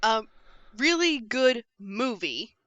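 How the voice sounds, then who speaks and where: A woman joining a casual panel discussion, playful and quick to joke. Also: a little high, sing-song, fairly bright tone, no room sound.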